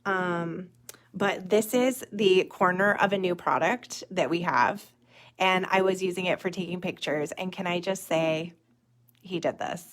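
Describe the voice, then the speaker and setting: A young woman teaching nail art on a live stream. She chats with viewers as "you guys" and "y'all", full of fillers, and murmurs softly while she works. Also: lowish voice, a little slow. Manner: drops to a soft murmur while working close on the nail. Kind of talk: live tutorial demonstration.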